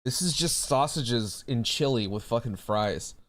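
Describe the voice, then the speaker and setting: A male streamer chatting casually with his viewers in a relaxed way. He swears freely and calls people bro. His voice sits at an ordinary middle pitch for a man. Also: a little slow. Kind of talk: casual chat with a live audience.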